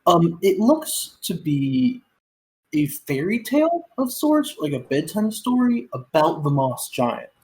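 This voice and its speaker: A woman's voice: medium pitch, sing-song, slow, darkish tone, low-quality recording. A woman running a tabletop game as game master, narrating casually with lots of ums and likes. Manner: casual, filler-heavy narration with many "um" and "like".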